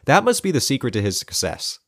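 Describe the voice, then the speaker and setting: A man's voice: mid-range voice, huge pitch swings, a little fast, breathy edge, dry recording. A man co-hosting a casual board game podcast, joking and rambling with a laugh often in his voice, recorded close and dry on a podcast mic. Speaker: podcast co-host. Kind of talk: casual chat.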